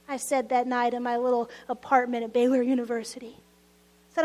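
A woman pastor preaching a sermon, reading scripture with loud emphasis and dropping to hushed, whispered asides. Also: high voice, level tone, fairly quick.

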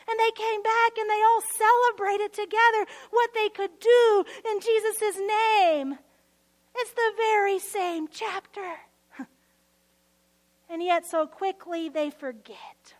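A woman preaching a sermon, earnest, swelling to emotional emphasis and dropping to soft near-whispers. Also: very high-pitched.

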